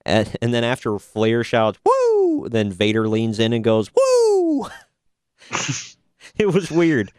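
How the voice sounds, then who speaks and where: A man's voice: on the low side, measured pace, clean tone, no room sound, studio quality. A man hosting a casual podcast, recapping wrestling matches with jokey, sarcastic asides. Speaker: podcast host reviewing wrestling. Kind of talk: casual review chat.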